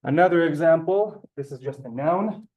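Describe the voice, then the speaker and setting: A man's voice: on the high side, lively intonation, moderate pace, a little mellow. A man teaching a language class in a classroom. He explains patiently and step by step, and often checks that the class is following. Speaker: Hebrew teacher. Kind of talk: classroom lesson.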